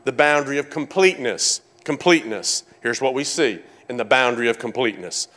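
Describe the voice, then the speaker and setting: A man preaching a sermon, animated, calling out to his congregation and repeating phrases for emphasis. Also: medium pitch. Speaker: pastor.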